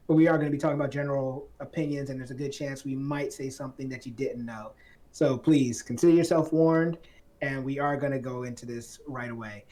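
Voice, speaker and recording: A woman's voice: low-pitched, warm tone. A woman from Atlanta, hosting a casual film discussion podcast in a playful, chatty way. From Atlanta, Georgia. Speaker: podcast host.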